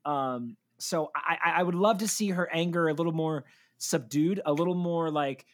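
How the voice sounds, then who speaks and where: A woman guest on a podcast in casual chat, animated and prone to mocking voices. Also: low-pitched, moderate pace.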